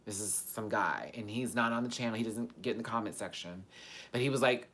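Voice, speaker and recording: A man hosting a casual live-stream Q&A, talking candidly and swearing freely, with loud animated bursts that drop to soft, quiet asides. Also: medium pitch, brisk. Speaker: YouTube host answering viewer questions.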